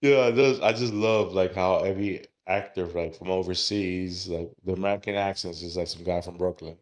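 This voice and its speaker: A man co-hosting a casual podcast chat, relaxed, talking with lots of "like" and "yeah". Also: deep voice, normal speed. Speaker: podcast co-host.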